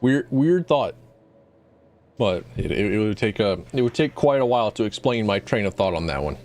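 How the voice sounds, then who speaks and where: A man's voice: on the low side, animated, moderate pace, darkish tone. A man streaming a game, reading its text aloud and rambling through self-deprecating asides.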